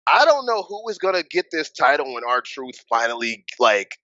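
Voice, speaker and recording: A man co-hosting a wrestling podcast, talking in a casual, animated way and swearing, with his voice jumping high when he gets worked up. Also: normal speed, dry recording, highs cut off. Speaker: podcast co-host. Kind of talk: casual wrestling recap chat.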